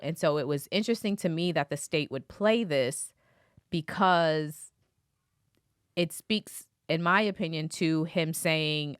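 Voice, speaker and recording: A woman's voice: deep voice, moderate pace, smooth, no echo, studio quality. A woman hosting a podcast, giving casual commentary on a court case in a conversational way, thinking aloud with fillers. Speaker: podcast host.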